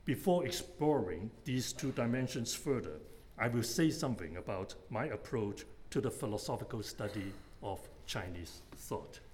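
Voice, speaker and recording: A man delivers an academic lecture in a measured, methodical way, laying out his argument point by point. His voice sits at an ordinary middle pitch. A faint hiss runs under the recording. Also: animated, a little mellow.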